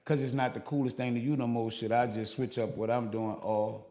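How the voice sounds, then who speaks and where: A man's voice: medium pitch, flat delivery, a little fast, mellow. Rambling, reflective New Orleans man. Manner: reflective, rambling with many fillers. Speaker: podcast co-host. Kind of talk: casual chat.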